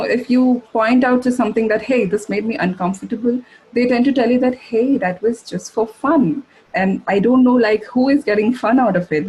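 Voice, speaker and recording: A woman giving a masterclass, answering audience questions in a halting way, with many fillers and restarts. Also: medium pitch, darkish tone, slightly rough, rough recording. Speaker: masterclass speaker. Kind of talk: live webinar Q&A answers.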